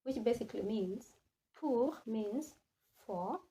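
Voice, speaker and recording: A woman teaching French in a classroom, slowly repeating each word again and again and switching between English and French. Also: on the high side, animated, mellow, slight background noise. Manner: slow, repeats words many times, mixes English and French. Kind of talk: classroom lesson.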